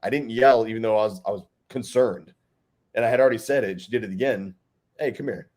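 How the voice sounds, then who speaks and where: A man's voice: on the low side, fast talker, a little mellow. A man, co-hosting a live fatherhood Q&A and answering bluntly with rhetorical questions. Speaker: co-host, fatherhood coach. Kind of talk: live Q&A advice talk.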